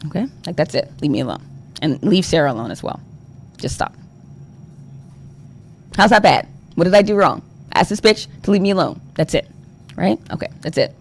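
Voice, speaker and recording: A man's voice: high-pitched, lively intonation, fast, gravelly, slight background noise. A young adult man talking on a livestream, exasperated and rambling, full of fillers and swearing. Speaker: streamer. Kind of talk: ranting livestream talk.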